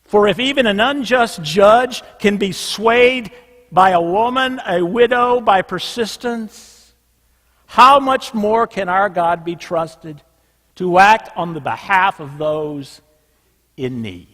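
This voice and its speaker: A pastor with a notably high voice delivers a sermon, pressing each point with emphasis and then easing into a hushed, low refrain. His words ring out with a long reverb from a large church. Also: slow pace. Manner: emphatic, drops soft and low on a repeated refrain. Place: church sanctuary.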